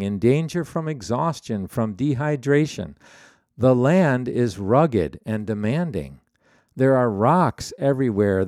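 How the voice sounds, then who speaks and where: A man delivering a sermon at an unhurried pace, leaning on key phrases for emphasis. His voice has a mellow, darker color. The sound is dry and close, with no room echo. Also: mid-range voice. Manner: deliberate, emphatic preaching with slowed key phrases. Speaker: preacher.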